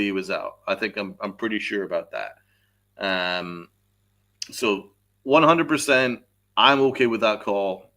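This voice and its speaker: A man's voice: medium pitch, bright, forceful tone. Angry man ranting on a sports podcast. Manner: angry, profane, venting; reads chat messages aloud. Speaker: podcast host. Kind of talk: live-stream sports rant.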